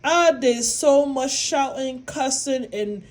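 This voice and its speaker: Talking to her followers, this woman rambles in a casual monologue, going over things again with emphasis and laughing in bursts. Her voice sits high and her pace is slow.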